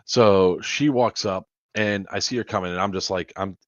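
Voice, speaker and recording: Man, very low voice, casual profane storyteller, dry sound, muffled lo-fi audio. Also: normal speed, no echo. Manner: profane, rambling, laughs often. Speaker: charity livestream host. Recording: dull lo-fi stream audio.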